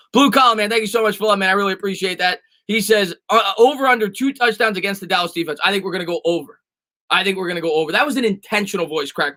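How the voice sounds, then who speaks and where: A man's voice: high voice, pushed and bright. A man hosting a casual sports live stream, answering viewer comments in an emphatic way with frequent restarts and repeated phrases.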